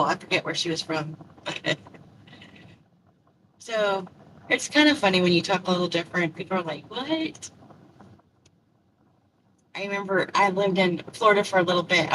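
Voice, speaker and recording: A woman's voice: fairly low pitch, fairly bright tone. Chatty older woman with Kentucky twang. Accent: Kentucky country. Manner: rambling, chatty, self-deprecating. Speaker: delivery driver livestreaming. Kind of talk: casual chat. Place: in a car while driving. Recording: distant phone mic with faint road noise.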